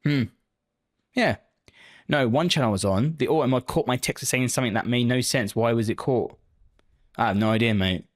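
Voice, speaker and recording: A man's voice: medium pitch, normal speed, pauses often. A man live-streaming, chatting casually with viewers and answering their messages with lots of swearing and joking banter.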